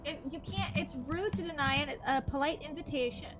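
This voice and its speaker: High-voiced wry woman player. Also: a little fast. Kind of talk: casual tabletop game chat. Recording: music behind.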